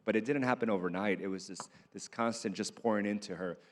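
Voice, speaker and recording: Low-voiced man, reflective and halting. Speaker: panel speaker. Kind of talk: reflective panel talk.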